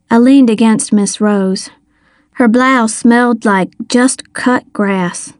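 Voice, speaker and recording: A woman narrating a novel in the first person, with an even, measured delivery. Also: on the high side, no room sound, clean studio sound. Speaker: audiobook narrator.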